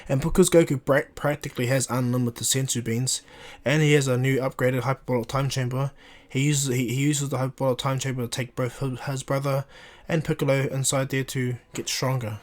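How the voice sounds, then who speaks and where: A man's voice: medium pitch, flat delivery, brisk, hardly any pauses. A man casually retelling a fan story in a rambling way, with many restarts and fillers.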